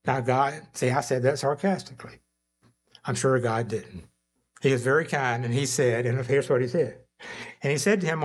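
A man preaching a conversational sermon, often pausing with fillers and acting out quoted lines. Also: medium pitch. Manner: conversational preaching with frequent fillers, voicing God and Abram in quotes. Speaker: pastor.

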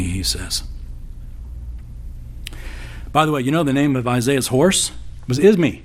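A man's voice: mid-range voice, sing-song, measured pace, long pauses. Folksy male preacher. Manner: conversational, folksy with corny jokes. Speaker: pastor. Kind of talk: sermon.

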